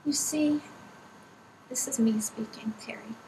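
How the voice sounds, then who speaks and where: A woman giving an emotional live channeling reading at an event, often dropping to a breathy whisper. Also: on the high side, a little slow, warm tone. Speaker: spiritual medium. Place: event room with an audience. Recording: distant mic with clear room noise.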